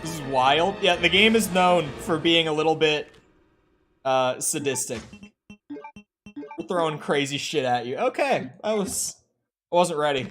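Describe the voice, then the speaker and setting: A man chats casually through a game stream in a fairly high voice, reacting aloud and answering questions from his chat. He breaks into sudden loud yelps when startled, with faint music playing under him. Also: expressive, measured pace, pauses often. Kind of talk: casual let's-play commentary.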